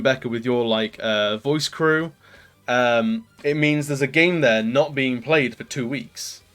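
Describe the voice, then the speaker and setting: A man's voice: mid-range voice, fairly bright tone. A British man live streaming, chatting casually with viewers and rambling with lots of ums and likes.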